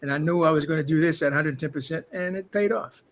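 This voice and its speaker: Speaking at a quick pace in a slightly high voice, an older ex-football player and actor boasts through animated interview anecdotes, performing the lines of the people he quotes.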